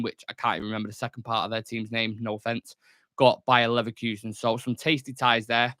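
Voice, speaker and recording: A man's voice: mid-range voice, a bit bright, no echo, studio quality. Chatty man hosting a fan show. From England. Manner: chatty, jokey, lots of fillers. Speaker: host of a football fan channel. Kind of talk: solo news show, casual chat. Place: small studio room.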